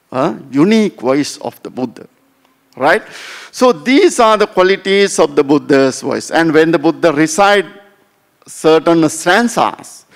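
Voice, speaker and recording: A man in his fifties with a Sri Lankan accent, a Buddhist monk giving a Dhamma talk to a class and often checking in with "right?" and "huh?". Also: fairly high pitch.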